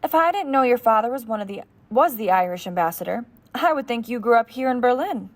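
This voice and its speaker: A woman reading the part of a German army captain's wife, flattering and polite at a dinner party. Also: fairly high pitch, brisk, no echo, voice pushed up. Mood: admiring.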